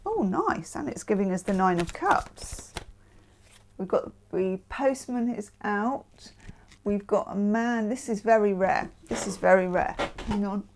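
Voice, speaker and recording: A woman's voice: mid-range voice, expressive, unhurried, slight background noise. A woman from the UK hosting a casual tarot reading, chatting with self-mocking asides. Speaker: tarot reader.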